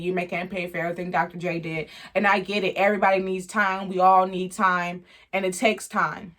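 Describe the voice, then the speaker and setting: A woman's voice: medium pitch, a bit bright. A woman giving a blunt, slangy, opinionated recap of a reality show in casual commentary. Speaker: reality TV reviewer.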